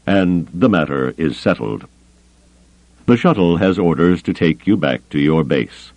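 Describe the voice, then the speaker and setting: Calm icy alien admiral, a guy reading him, dry and measured, deep voice that still moves around a lot. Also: no echo. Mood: cool. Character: cold, calculating alien male admiral.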